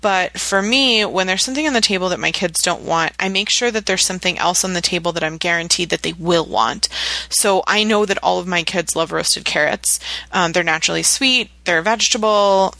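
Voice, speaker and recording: Woman in her 30s chatting parenting tips on a podcast, bright voice, dry close sound. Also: on the low side, a little fast, creaky, dry recording. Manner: chatty, animated storytelling with acted quotes. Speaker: podcast co-host. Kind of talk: casual parenting advice chat.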